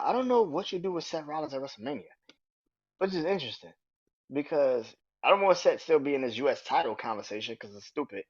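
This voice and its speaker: A man hosting a podcast, talking casually and excitably about wrestling and swearing freely. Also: medium pitch. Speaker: podcast host. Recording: dull lo-fi sound.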